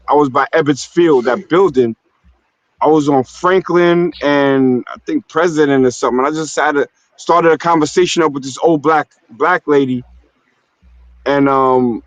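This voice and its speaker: A man from New York City chats loosely in heavy slang, leaning on filler phrases as he tells his stories. His voice sits a little high. The stream sound is muffled and dry. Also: no echo. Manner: loose, slangy storytelling with frequent "you know what I'm saying". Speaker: stream host. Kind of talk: casual streamed conversation. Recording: dull, dry streamed audio.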